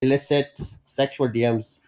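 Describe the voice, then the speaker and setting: A man's voice: medium pitch, fairly even intonation, moderate pace, a little mellow. A man interviewing a call-in guest, pressing with accusatory questions and talking over her. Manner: pushy, accusatory, talks over others. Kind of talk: confrontational questioning. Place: streaming setup.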